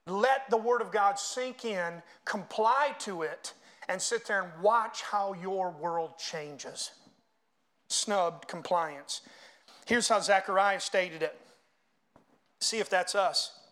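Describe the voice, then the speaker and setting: A man's voice: high voice, normal speed. A man preaching a sermon as pastor. He reads scripture with rising force and talks to the congregation in conversational asides. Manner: preaching, swelling louder when reading scripture.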